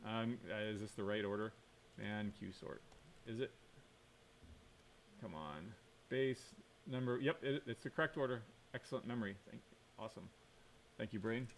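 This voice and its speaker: A man's voice: medium pitch, a bit bright. A man giving a computer science lecture while coding, thinking aloud, quizzing the class and correcting himself.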